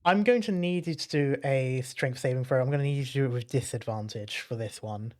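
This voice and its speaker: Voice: mid-range voice, fairly quick, a little mellow. A game master narrating a tabletop game, describing the action with frequent hesitations.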